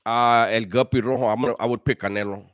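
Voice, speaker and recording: A man's voice: medium pitch, steady tone, quick pace, fairly bright tone, clean tone, dry recording, clean studio sound. A middle-aged man hosting a live stream, reading and answering chat in blunt, profane street slang with frequent restarts. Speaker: livestream host answering chat.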